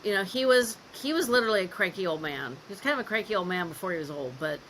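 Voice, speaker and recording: Frank, bright-toned woman guest. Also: mid-range voice, lively intonation, fast talker, slight background noise, low-quality recording. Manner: frank, storytelling, lightly laughing. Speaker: caregiver podcast guest. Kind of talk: candid conversational interview.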